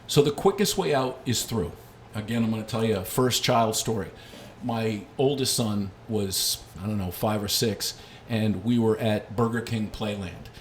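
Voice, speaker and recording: A man's voice: lowish voice, normal speed, a little hiss or hum. Middle-aged man teaching dog training. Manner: storytelling with lively anecdotes. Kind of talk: casual instructional talk.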